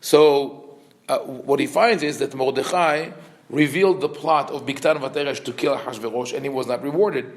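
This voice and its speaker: A man, a rabbi, teaching a scripture class. He explains with dry humor and many fillers, and reads verses quickly in a chant. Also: mid-range voice. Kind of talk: Torah class lecture.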